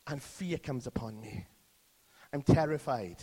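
A man's voice: mid-range voice, fairly even intonation, normal speed, darkish tone. A British man, a pastor, preaching a sermon as vivid first-person storytelling. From Britain. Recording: long hall reverb.

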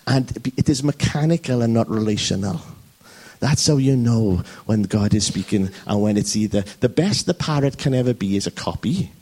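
A man preaching a sermon at a church service, lively and jokey, often asking his listeners "okay?". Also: medium pitch, normal speed. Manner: lively, jokey, frequent "okay?" check-ins.

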